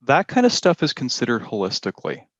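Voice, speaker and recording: A man teaching an exam-prep class, explaining slowly and deliberately and stressing key words. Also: mid-range voice, huge pitch swings, dry recording, lo-fi sound. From Canada. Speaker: IELTS teacher. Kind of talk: classroom lesson.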